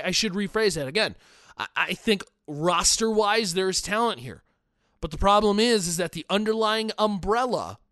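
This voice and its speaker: A man's voice: high voice, a bit bright, no room sound, clean studio sound. A man hosting a sports podcast, giving blunt opinions and reading out fan comments with frequent restarts. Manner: opinionated, digressive, repeats himself. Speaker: podcast host.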